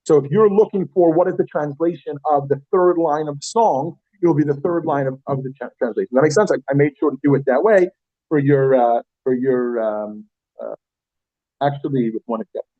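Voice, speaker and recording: A man with a slightly raised voice teaches a room of students, talking in a lively, chatty way and breaking off to restart his sentences. The sound is close and dry, a little dull and lo-fi. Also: a little high, brisk, no room sound. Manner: animated, chatty, self-interrupting. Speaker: Yiddish teacher. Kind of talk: classroom lesson. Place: classroom.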